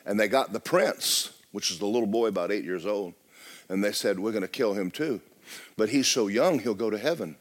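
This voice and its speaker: A man preaching a sermon as pastor, swinging from loud exclamations to hushed, near-whispered lines. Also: on the low side, brisk.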